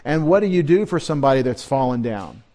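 A man's voice: medium pitch, expressive, fast, warm tone. A man pastor giving a midweek Bible teaching sermon, conversational and rambling, with asides and restarts.

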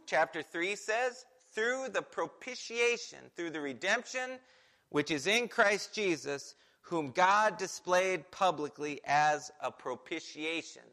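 A man's voice: on the high side, vocal fry, pushed and bright. A man preaching a sermon as a pastor, in a conversational way that acts out quoted voices.

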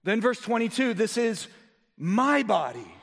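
A man preaching a sermon as pastor, asking the congregation rhetorical questions and swinging between loud emphasis and low, quiet delivery. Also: big pitch swings, unhurried, gravelly, long reverb tail.

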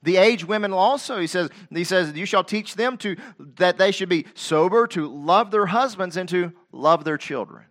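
A middle-aged male pastor preaching a sermon, asking the congregation direct questions, repeating phrases and rising to loud, emphatic scripture quotations. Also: high voice, moderate pace, hardly any pauses.

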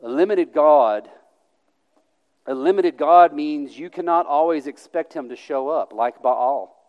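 A man's voice: fairly high pitch, measured pace, highs cut off. A man preaching a sermon as pastor, emphatic, with sarcastic put-on voices and frequent restarts. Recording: long hall reverb.

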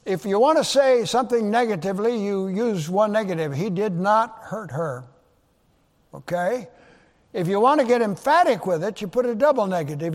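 A man preaching a sermon as pastor, emphatic, his voice leaping up loud for rhetorical questions. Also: sits high, expressive, fairly quick. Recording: long reverb of a large hall.

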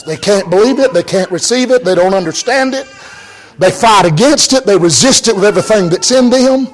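An older man preaching a revival sermon in a fervent cadence, full of amens and hallelujahs, shouting at the peaks and dropping soft in between. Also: poor audio. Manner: shouts at the peaks, drops low and soft in storytelling.

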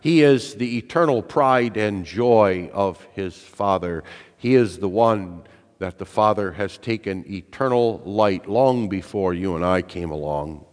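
A man's voice: lowish voice, unhurried. A man preaching a sermon in an earnest, emphatic way, putting rhetorical questions to his listeners. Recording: reverberant hall.

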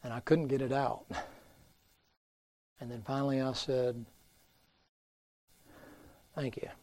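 A middle-aged man preaching a revival sermon, folksy and storytelling, swinging from loud to hushed. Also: medium pitch, level tone, normal speed. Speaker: pastor.

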